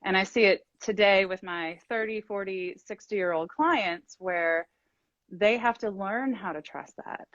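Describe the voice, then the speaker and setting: A woman's voice: mid-range voice, a little slow, a bit bright, no room sound. A middle-aged woman hosting a casual live-stream chat as a life coach, encouraging and affirming as she talks at length. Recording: dull lo-fi dry sound.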